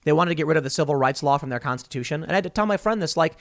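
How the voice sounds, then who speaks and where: A man's voice: on the high side, lively intonation, very fast, dry recording, clean studio sound. A man hosting solo political commentary, opinionated and rambling, often restarting and going off on asides.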